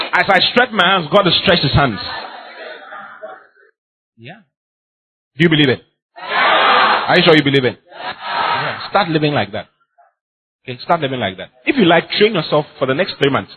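A man's voice: fairly high pitch, a bit bright, breathy edge, dull audio. A man preaching a sermon as pastor, emphatic and repetitive, often laughing as he speaks.

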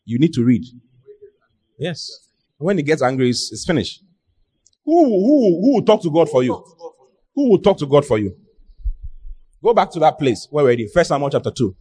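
A man's voice: fairly high pitch, big pitch swings, moderate pace, pauses often, warm tone, husky. A man preaching a sermon, emphatic, repeating phrases and firing rhetorical questions at the congregation. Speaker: pastor.

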